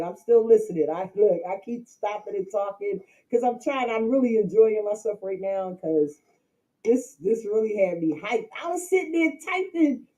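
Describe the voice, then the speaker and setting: A woman's voice: on the high side, mellow, rough recording. A woman hosting a casual livestream from home, talking straight to her chat, laughing often and repeating herself. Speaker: livestream host.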